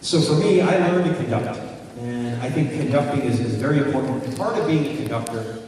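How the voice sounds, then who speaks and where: His medium-pitched voice has a darkish tone and runs a little fast as he tells stories and asks the crowd questions in a motivational talk. The hall is echoey and the noisy recording was made from a distance.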